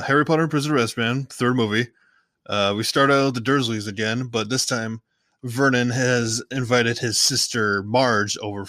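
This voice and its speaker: A male podcast host recaps a film in a relaxed, chatty way, his medium-pitched voice bright and forward. Rambling and self-correcting, he keeps restarting sentences and sometimes performs lines from other characters for fun. The sound is close and dry, free of echo or room sound.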